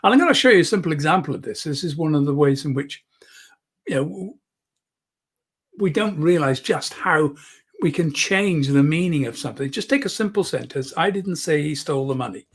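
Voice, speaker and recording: A man's voice: a little high, animated, brisk, slightly rough. A man teaching public speaking in an online lesson, demonstrating shifts in volume and emphasis close to the microphone. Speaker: speaking coach. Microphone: close microphone, moves in and out.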